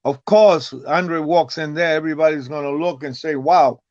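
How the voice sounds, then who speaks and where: A man's voice: a little high, fairly even intonation, moderate pace, darkish tone, no echo. An older man, a guest on an interview, telling a long story in a rambling way, often stumbling and repeating words. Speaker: guest, retired wrestler. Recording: dull, lo-fi, dry sound.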